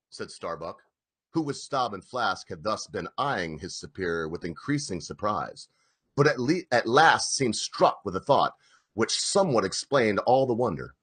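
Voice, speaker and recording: A man reading a novel aloud dramatically, his narration hushed between the characters' lines. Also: lowish voice, animated, moderate pace, slightly rough. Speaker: reader.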